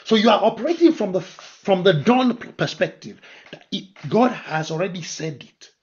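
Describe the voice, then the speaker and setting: Pastor guy preaching, high voice, gets loud and emphatic, muffled lo-fi audio. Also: expressive, moderate pace. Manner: preaching with sharp rises to loud emphatic declarations. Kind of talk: sermon. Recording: dull lo-fi sermon recording.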